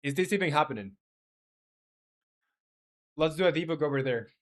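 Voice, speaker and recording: A man, not a native English speaker, live streaming as a game developer, thinking aloud while he codes and chats with viewers in halting speech full of fillers. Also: on the high side, expressive.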